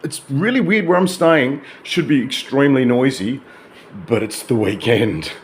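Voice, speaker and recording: A man's voice: medium pitch, moderate pace, a little hiss or hum. A man, rambling through a chatty early-morning vlog from his hotel, swearing casually as he digresses. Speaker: vlogger.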